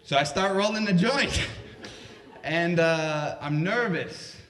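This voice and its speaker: A man with a slightly high voice tells a comic story live, in a slow, conversational way. His speech is loose and full of fillers, and it rings in an echoey library room. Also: a bit bright. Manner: conversational, unhurried, lots of fillers.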